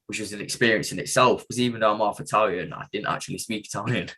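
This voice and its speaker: A young man from the English Midlands with a husky voice, telling stories as a guest on a casual podcast. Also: fairly low pitch, quick pace, slight background noise. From England. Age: young adult. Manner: relaxed storytelling with laughs and slang. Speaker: boxer guest.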